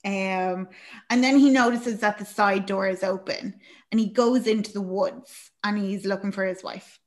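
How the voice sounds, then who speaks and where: A woman's voice: medium pitch, steady tone, moderate pace. A woman co-hosting a podcast, casually recapping a film with plenty of fillers and acted-out quotes. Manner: chatty, lots of fillers, acts out character lines. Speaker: podcast co-host.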